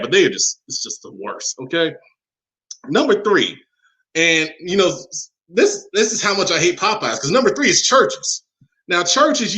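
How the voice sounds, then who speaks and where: A man hosting a podcast, talking casually with plenty of fillers and getting animated when worked up. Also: high-pitched, rough recording. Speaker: podcast host. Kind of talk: casual chat.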